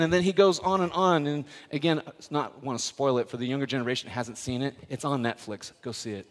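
Animated pastor in a reverberant church. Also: male voice, fairly high pitch, fairly quick. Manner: animated, playful storytelling with asides to the congregation. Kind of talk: sermon. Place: church worship center. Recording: long hall reverb.

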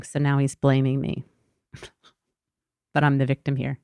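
A woman's voice: a bass voice, monotone, slow pace, vocal fry, long pauses, darkish tone, no echo, clean studio sound. A woman therapist hosting her podcast, talking candidly and vulnerably in a personal monologue. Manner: candid, vulnerable, emotionally raw.

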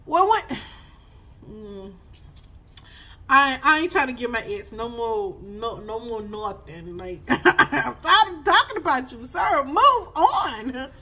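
Woman, 30s, high husky voice; sassy, laughing spiritual reader. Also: animated, takes it slowly, pushed and bright. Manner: chatty, laughing, sassy asides. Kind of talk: casual spiritual reading vlog.

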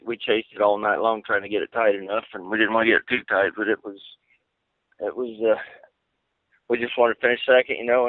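A man who drives race cars, answering interview questions in a halting, plain-spoken way. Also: medium pitch, no room sound. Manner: halting, many fillers and restarts, plain-spoken. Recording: tinny phone-like line.

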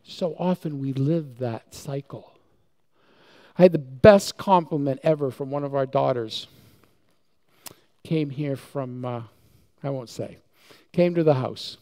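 Gravelly-voiced man preaching a sermon. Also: medium pitch, measured pace, pauses often, dark tone. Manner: emphatic preaching, repeats key words for effect. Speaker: pastor. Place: church sanctuary.

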